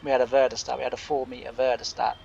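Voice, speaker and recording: A man's voice: mid-range voice, flat delivery, racing, creaky, darkish tone, lo-fi sound, a little hiss or hum. A man who hosts a farming game channel, telling a long, meandering farm story full of reported speech. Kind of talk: rambling anecdotal storytelling.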